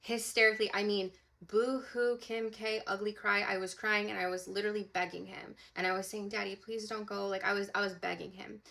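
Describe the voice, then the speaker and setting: A woman's voice: mid-range voice, flat delivery, a little fast, creaky, few pauses, pushed and bright. A young woman, a psychic medium, telling a personal story to camera in an emphatic, casual way, full of "like" and "okay?".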